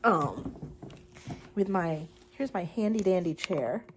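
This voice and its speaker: A young woman, chatting casually and excitedly about her crochet project for her vlog, with lots of fillers. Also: fairly low pitch, slow pace, slight background noise. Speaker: crochet vlogger.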